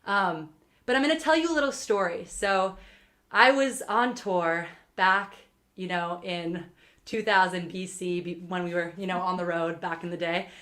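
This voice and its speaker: A woman's voice: lowish voice, moderate pace, fairly bright tone. A young woman, a singer-songwriter, chatting between songs in a livestreamed set, rambling with lots of ums and uhs. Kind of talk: between-song stage banter on a livestream. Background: guitar music.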